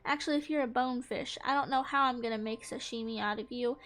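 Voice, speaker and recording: A woman's voice: a little high, fast talker, fairly bright tone, soft background music. A young woman giving casual, playful gameplay commentary, mock-exasperated and talking to the fish on screen. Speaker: gaming streamer.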